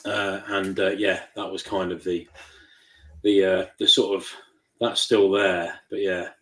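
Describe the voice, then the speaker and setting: A man's voice: low-pitched, flat delivery, a little slow, a bit bright, poor audio. A man, a toy shop owner, chatting as an interview guest and acting out quoted dialogue as he tells stories. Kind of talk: casual interview chat.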